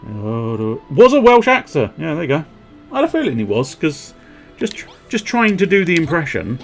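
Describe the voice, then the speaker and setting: A man chatting to himself while streaming a video game, in rambling, quiet, self-amused asides. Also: a little high, wildly swooping pitch, normal speed, creaky, soft background music. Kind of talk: casual game commentary.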